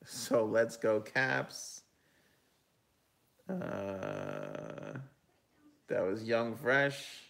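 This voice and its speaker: A man's voice: lowish voice, wildly swooping pitch, very slow, vocal fry, long pauses, fairly bright tone. A man hosting a live hockey talk stream, chatting casually, giving his picks and reading viewer comments aloud. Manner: casual, chatty, with frequent ums and self-corrections. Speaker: hockey talk show host and analyst.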